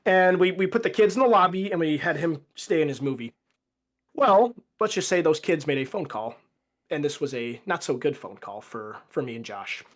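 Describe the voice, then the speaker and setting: A man's voice: on the high side, animated, normal speed. A young man as a podcast guest, telling a rambling story in casual chat with lots of fillers. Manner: rambling anecdote with fillers and acted quotes.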